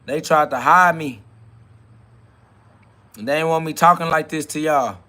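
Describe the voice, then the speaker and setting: A man's voice: on the high side, a little slow, pushed and bright. A man hosting a live spiritual self-talk podcast, preaching in a rambling, slangy way and answering comments from his chat. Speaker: podcast host.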